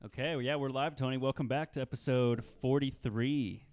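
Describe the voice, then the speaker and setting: A man hosting a podcast, chatting with a guest in an easygoing, halting way full of fillers. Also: mid-range voice, steady tone, darkish tone. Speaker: podcast host. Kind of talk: casual interview chat. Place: small room, mics close.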